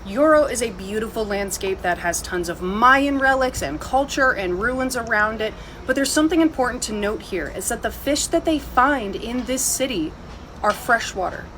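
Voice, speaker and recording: Brisk woman telling facts. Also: a little high, animated, fairly bright tone, slight background noise. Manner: brisk, casual fact-telling. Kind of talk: social video narration.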